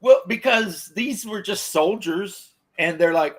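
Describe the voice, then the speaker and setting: Animated storytelling man, slightly high. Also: unhurried, hardly any pauses. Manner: animated storytelling, acting out quotes with laughs. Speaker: podcast co-host. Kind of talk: casual chat.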